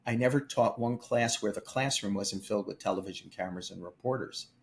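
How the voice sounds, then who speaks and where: A man's voice: lowish voice, fairly quick, gravelly, slight background noise. An older man telling a story from his own life with emphatic energy, acting out the voices of the people he quotes. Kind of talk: animated storytelling. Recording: faint music behind.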